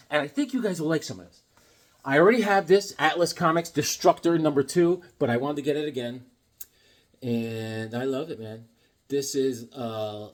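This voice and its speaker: A man chatting casually about comics, rambling and joking, drifting between topics. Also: medium pitch. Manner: rambling, jokey, drifts between topics and puts on silly voices. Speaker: comic vlogger.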